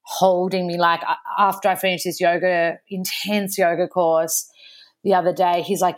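A woman's voice: lowish voice, little pitch movement, moderate pace. Chatty Australian woman telling stories. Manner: chatty storytelling, acting out quoted exchanges, frequent "like". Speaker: guest. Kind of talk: casual podcast chat.

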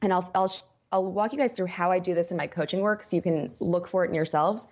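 A woman career coach who is a guest on a podcast, talking in an animated way, laughing often and acting out what people say. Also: lowish voice, fast, muffled recording. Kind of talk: casual podcast interview.

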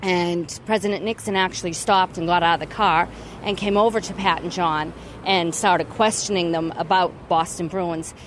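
A woman's voice: on the low side, fairly even intonation, moderate pace, slight background noise. A woman in her sixties with an American accent, telling a story in an outdoor interview with a few ums. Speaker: guest. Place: outdoors in a town square.

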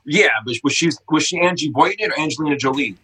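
A middle-aged man, a skate shop owner, telling animated casual stories with lots of swearing and loud acted-out quotes. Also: fairly high pitch, fast talker, poor audio. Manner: excitable, swearing, acts out quotes loudly. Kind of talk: casual storytelling.

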